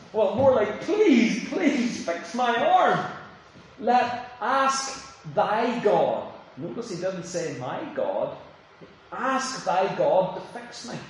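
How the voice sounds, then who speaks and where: A man preaching a sermon, dramatic, acting out the voices he quotes and dropping from loud to hushed. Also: high-pitched. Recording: very echoey, from far off the mic, faint noise.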